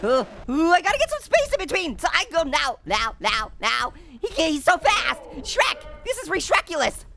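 A man's voice: very high-pitched, very animated, normal speed, vocal fry, few pauses, sharp tone, heavily acted. A man voicing a wisecracking male talking orange who hosts cartoon game commentary, punning and giggling with constant exclamations. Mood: gleeful. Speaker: gaming channel host. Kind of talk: cartoon let's-play commentary in character.

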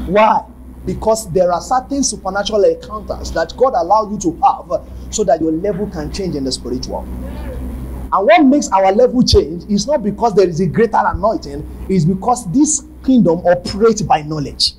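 A Nigerian man preaching a sermon, telling a story with bursts of shouting and laughter. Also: high voice, animated, normal speed, slight background noise, low-quality recording.

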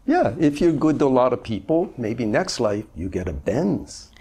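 Husky older man, lively dharma talk. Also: mid-range voice, moderate pace. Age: 70s. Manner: conversational, gently humorous storytelling. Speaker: Zen master. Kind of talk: informal dharma talk answering a question.

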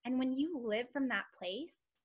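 A woman in her thirties giving an energetic, emphatic motivational talk to her team on a training call, telling a personal story. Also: sits high, a little slow, dull audio. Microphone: call or webinar mic.

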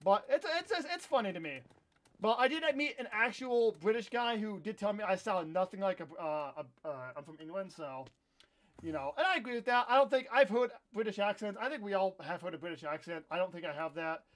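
A young man from Iowa in his twenties, hosting a live gameplay stream and chatting in a rambling way, with sudden loud outbursts when the game goes wrong. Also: high voice, expressive, fairly quick. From Iowa, USA. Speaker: livestream host. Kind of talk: casual live gameplay chat.

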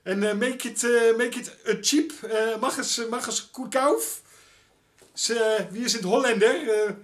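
A man's voice: very high voice, voice pushed up. A man playing a bumbling Dutch tourist who halts and stumbles over his words, with a thick Dutch accent. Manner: halting, stumbling for words, loud. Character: bumbling Dutch male tourist mangling German.

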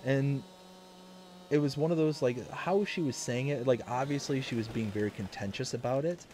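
A man's voice: mid-range voice, moderate pace, dark tone, a little hiss or hum. Rambling man on a live stream. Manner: rambling, many fillers and restarts. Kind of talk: casual live-stream chat.

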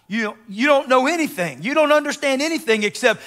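A man preaching a sermon as a guest pastor, asking the congregation rhetorical questions and dropping suddenly to a hush before surging back. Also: very high voice, lively intonation, fast talker, hardly any pauses. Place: church sanctuary.

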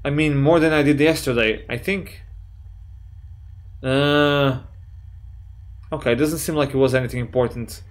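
A man giving excitable, jokey let's play commentary, swearing often and reading chat messages aloud in playful voices. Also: medium pitch, measured pace, long pauses. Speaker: gaming YouTuber.

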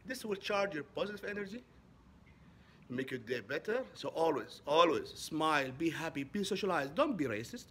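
A man from Saudi Arabia, a native Arabic speaker, telling a casual story in English; his voice jumps high when he gets excited. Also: brisk, husky. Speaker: vlogger.

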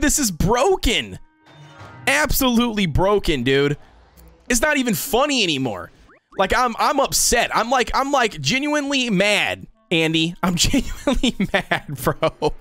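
A man's voice: high voice, big pitch swings, takes it slowly, pushed and bright, soft background music. Hyped young male gaming streamer. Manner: hyped, says dude and bro constantly. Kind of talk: excited livestream gacha reaction.

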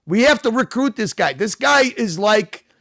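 A man's voice: high voice, animated, moderate pace, dry recording, clean studio sound. Hyped, profane livestream host man. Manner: loud, profane, hyped and repetitive. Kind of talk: casual livestream commentary.

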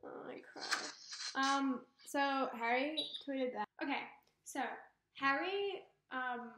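Woman, high voice, slow unhurried delivery, gushing fan vlog chatter, echoey room. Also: a bit bright. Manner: gushing, laughs and squeals often. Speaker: fan vlogger. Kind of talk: excited casual fan vlog. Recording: roomy echo.

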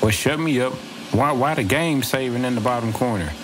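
A man talking through a horror game as he plays, rambling, joking and saying bro every few words. His voice is of middling pitch. Clear game noise runs under him. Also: fairly quick. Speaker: gaming streamer. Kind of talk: let's play commentary. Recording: game audio playing under voice.

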